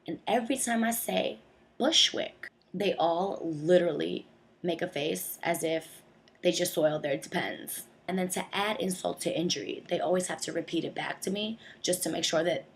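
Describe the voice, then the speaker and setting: A woman's voice: lowish voice, steady tone, normal speed, creaky. A young woman from New Jersey telling a comic monologue, sassy and slangy, acting out other people's voices. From Bergen County, New Jersey. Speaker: comedic storyteller.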